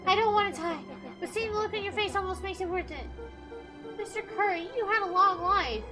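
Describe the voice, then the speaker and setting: A woman voicing a bitter teenage boy bully, flat and self-loathing, with music underneath. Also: extremely high pitch, a little fast.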